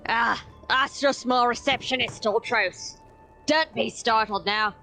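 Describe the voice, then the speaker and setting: Woman reading a breezy offhand arena manager guy, fairly high voice, bit of music behind. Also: a little slow, bright, forceful tone. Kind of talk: reading game dialogue aloud.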